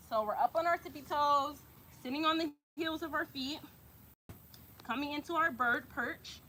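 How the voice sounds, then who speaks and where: Bright-voiced, winded woman yoga teacher. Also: high-pitched, a little hiss or hum. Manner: encouraging, talks while doing the poses, casual slang. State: out of breath. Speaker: yoga instructor. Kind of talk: guided yoga class with breath cues.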